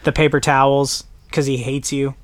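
A young American man chatting casually on a podcast, animated and quick to slip into playful voices. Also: mid-range voice, no echo. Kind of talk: casual chat.

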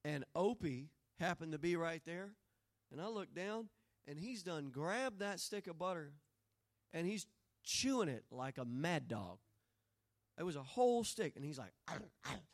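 High-voiced preacher. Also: male voice, big pitch swings, a little slow. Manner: swells from quiet storytelling to loud, rising preaching. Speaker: pastor. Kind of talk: sermon.

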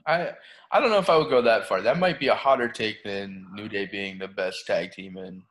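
A man's voice: lowish voice, normal speed, fairly bright tone. A young man co-hosting a podcast, easygoing in casual chat, steering the talk. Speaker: podcast co-host. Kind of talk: casual chat about pro wrestling.

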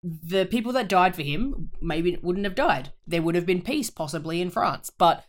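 Animated man reviewing films. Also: high-pitched, normal speed. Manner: animated, emphatic, swears in mock outrage. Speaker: podcast co-host. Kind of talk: casual film review chat.

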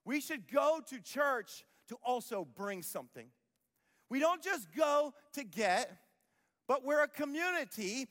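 Emphatic high-voiced male pastor preaching. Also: a bit bright, in a large hall. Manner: emphatic, repeats phrases, acts out quoted voices. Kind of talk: sermon. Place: church auditorium.

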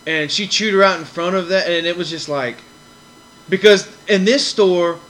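A man's voice: high-pitched, normal speed, fairly bright tone, rough recording. A man hosting a podcast, telling a long story in a rambling, casual way, repeating himself and acting out other people's lines. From American South. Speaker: podcast host.

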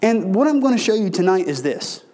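A man's voice: sits high, big pitch swings, brisk, a little mellow. A man preaching a sermon as a pastor, telling personal stories in a folksy way and calling his listeners folks. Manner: folksy storytelling, addresses congregation as folks.

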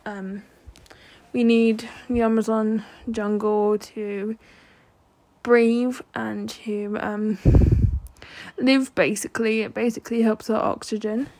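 A woman's voice: fairly high pitch, flat delivery, takes it slowly, a little mellow, a little hiss or hum. A young woman hosting her own podcast, talking earnestly with many ums and restarts. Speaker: podcast host. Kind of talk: solo podcast monologue.

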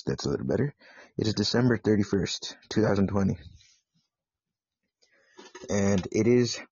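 A man's voice: lowish voice, darkish tone, husky, no echo, dull audio. A man hosting a solo live podcast, chatting casually in a profane, joking, self-mocking way. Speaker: podcast host. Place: home setup in California.

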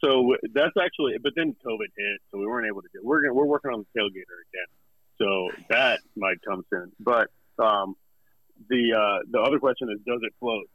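A man talking as a guest in a casual interview, relaxed and halting with many fillers. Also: lowish voice, dry recording, narrow, tinny audio. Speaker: guest, company representative.

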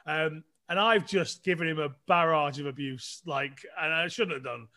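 Chatty high-voiced man. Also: normal speed, pushed and bright. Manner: chatty, self-deprecating, many restarts. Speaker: guest. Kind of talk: casual storytelling.

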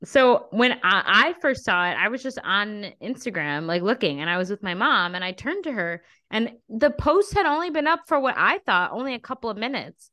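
A young woman co-hosts a loose podcast conversation, giggling and peppering her talk with filler words. Her pitch sits in an ordinary middle range. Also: lively intonation, brisk, few pauses, bright, forceful tone. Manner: chatty, giggly, lots of "like". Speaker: podcast co-host. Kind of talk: casual chat.

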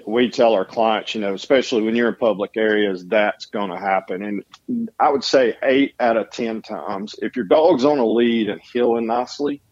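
A man from Alabama, a dog trainer, giving steady, instructive answers in an interview. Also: lowish voice, no room sound, dull audio.

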